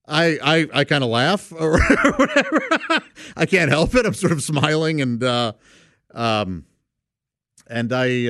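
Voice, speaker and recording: A man's voice: mid-range voice, no echo, clean studio sound. A man casually telling a personal anecdote, rambling and correcting himself, and chuckling often as he goes. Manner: rambling, self-correcting delivery.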